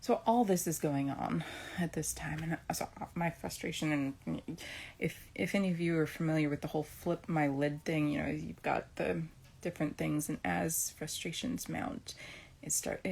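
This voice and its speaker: Speaking in a low-pitched voice with vocal fry, a touch mellow and a bit rough, a middle-aged woman offers a casual personal reflection on faith and her homeschooling day. She rambles, starts over often and keeps tossing in "right?"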